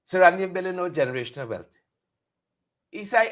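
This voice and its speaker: A man's voice: high-pitched, very animated, a little fast, long pauses. A man with a Guyanese accent hosting a satirical news commentary, talking with animation and repeating lines for emphasis. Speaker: host.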